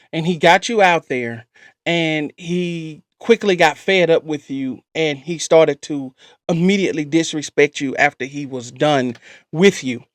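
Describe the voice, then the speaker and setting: A man's voice: a little high, no room sound. A man giving blunt, lecturing commentary and advice in reaction to a clip.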